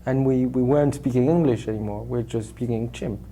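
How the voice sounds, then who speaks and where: A man with a French accent, a native French speaker raised in Switzerland, answering interview questions in a halting way with many restarts and fillers. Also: medium pitch, warm tone, slight background noise. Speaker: actor, interview guest.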